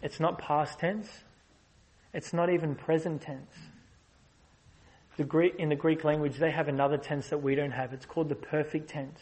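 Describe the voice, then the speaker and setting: A man's voice: a little high, flat delivery, poor audio. Man preaching a passionate sermon. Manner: swings from loud passionate rises to soft, slow explaining. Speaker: guest preacher.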